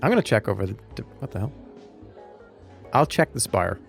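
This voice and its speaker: A man's voice: on the low side, sing-song, moderate pace, gravelly, faint music behind. A man streaming a video game, chatting loosely with his audience in a rambling, joking way. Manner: rambling, jokey, talks to chat. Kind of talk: live gaming commentary.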